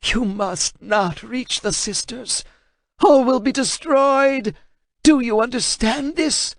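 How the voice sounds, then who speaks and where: A man voicing a terrified male translator with a raspy voice, pleading and strained with fear. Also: very high-pitched, slow pace, no echo, clean studio sound, voice pushed up, full character voice. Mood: frightened.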